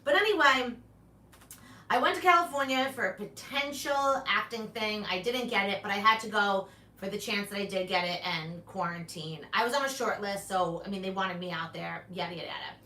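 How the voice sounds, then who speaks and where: Animated woman telling a story in an echoey room. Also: medium pitch, moderate pace, distant mic. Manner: animated, acts out both sides of conversations, sound effects. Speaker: comedian vlogger. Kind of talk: casual storytelling monologue. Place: apartment room.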